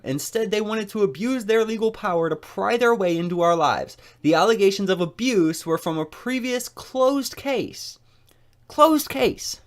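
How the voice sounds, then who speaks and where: Foul-mouthed angry male commentator. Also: high-pitched. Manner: angry, mocking, swears constantly. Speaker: commentator reacting to a video. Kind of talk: profane reaction commentary.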